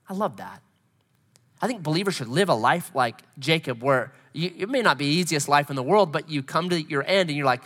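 A man's voice: mid-range voice, lively intonation, normal speed, long pauses, a bit bright. A man in his forties, a pastor preaching a conversational sermon who tells stories and acts out scenes. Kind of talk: sermon with storytelling. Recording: long hall reverb.

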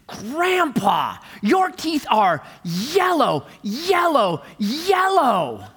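A man voicing a loud, blunt little girl who repeats herself insistently. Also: wildly swooping pitch, husky, full character voice. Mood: shrill, insistent. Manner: shrill, insistent, drawn-out repeats.

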